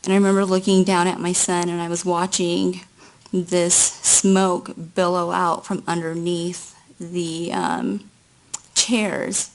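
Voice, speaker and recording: Slow, gravelly-voiced woman testifying. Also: fairly low pitch, little pitch movement. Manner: slow, halting recounting. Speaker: trial witness. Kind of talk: courtroom testimony.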